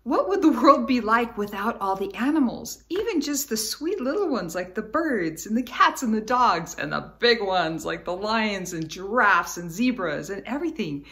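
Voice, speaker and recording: A woman's voice: mid-range voice, big pitch swings, normal speed, hardly any pauses, fairly bright tone. A woman giving a children's Bible lesson at home in her living room, cheerful and encouraging as she talks straight to the kids. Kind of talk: teaching young children, with singing.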